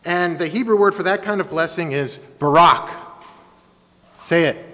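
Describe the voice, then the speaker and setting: Male pastor, high voice, lively emphatic sermon delivery, long church-hall reverb. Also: moderate pace. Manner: lively, emphatic preaching with call-and-response. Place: church sanctuary.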